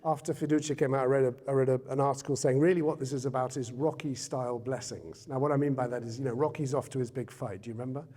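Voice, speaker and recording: Mellow-voiced man giving a hall talk. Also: medium pitch, steady tone, fast talker, hardly any pauses. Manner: conversational, asks the audience questions. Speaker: guest speaker. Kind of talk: public talk to an audience. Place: Jesuit centre hall. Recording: reverberant hall.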